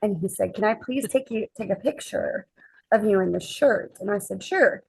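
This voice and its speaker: Gravelly-voiced woman telling a story. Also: medium pitch, moderate pace, rough recording. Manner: lively anecdote-telling, acting out quoted dialogue. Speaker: podcast guest. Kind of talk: casual storytelling chat.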